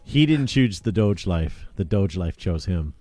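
A man's voice: deep voice, sing-song, a little slow, warm tone, dry recording. A man hosting a casual chat show, talking in an upbeat, rambling way with plenty of fillers. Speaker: podcast host.

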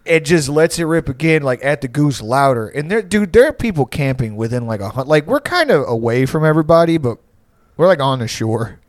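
A man's voice: mid-range voice, big pitch swings, fairly quick, no echo, studio quality. A man telling a long, rambling story in casual chat, swearing freely and breaking into laughs.

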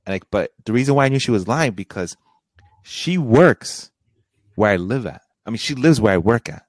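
A man's voice: medium pitch, expressive, normal speed, no room sound. Laid-back young man telling a story. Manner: laid-back, slangy storytelling, acting out both sides of a conversation. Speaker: podcast co-host. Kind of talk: casual storytelling chat.

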